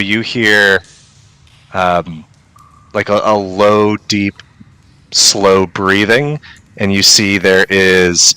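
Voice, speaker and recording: A man's voice: sits low, bright, forceful tone, clear, resonant tone, dry recording. A man narrating a tabletop game as the game master, with lots of hesitant fillers. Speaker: dungeon master.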